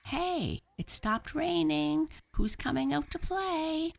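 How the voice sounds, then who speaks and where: A woman's voice: deep voice, very animated, unhurried, gravelly, husky, full character voice. Buster, a woman doing a bookish bunny boy.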